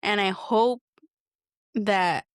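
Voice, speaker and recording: A woman's voice: medium pitch, drawn-out words, smooth, no echo, clean studio sound. A woman hosting her own podcast, venting bluntly and emotionally with heavy swearing and frequent restarts. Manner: blunt, heavily profane venting; emotional, repeats herself while searching for words. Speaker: podcast host. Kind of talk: candid solo podcast monologue.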